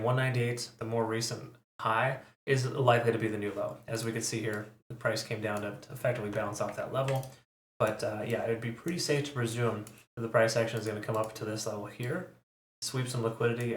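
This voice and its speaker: A man's voice: medium pitch, roomy sound. Chatty man analyzing crypto charts. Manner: chatty, self-correcting, frequent fillers. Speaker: crypto analysis channel host. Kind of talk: casual chart analysis commentary.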